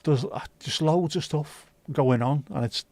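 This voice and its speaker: Swearing freely as he responds to comments from viewers, this man hosts a livestream in a relaxed, chatty way. His voice is a little high and dark in tone, he speaks unhurriedly, and the recording carries no room sound.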